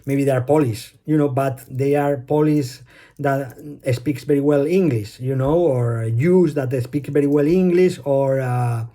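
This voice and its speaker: A man's voice: medium pitch, a little slow, mellow. A man with a Spanish accent, a native Spanish speaker, rambling bluntly through a casual monologue and swearing offhandedly.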